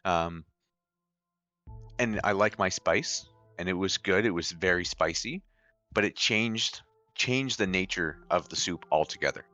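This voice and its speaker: A low-pitched man from Canada with a bright, forward tone co-hosts a casual charity stream. He is easygoing and tells stories with dry jokes, with faint music playing behind him. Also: a little slow, no echo. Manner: easygoing, dry joking, storytelling. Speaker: co-host, host's brother. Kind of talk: casual charity livestream chat.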